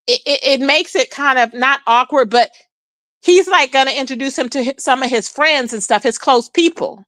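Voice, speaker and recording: A woman's voice: high voice, fairly bright tone, no room sound. A woman hosting a casual gossip livestream, chatting with her viewers and calling them "child" and "baby.". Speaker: livestream host.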